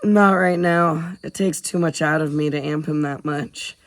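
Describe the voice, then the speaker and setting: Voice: mid-range voice, fairly even intonation, a little slow, dry recording, studio quality, natural voice. A man voicing an anxious, worn-out young woman in a storybook reading. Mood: tired. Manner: blurting, alarmed questions.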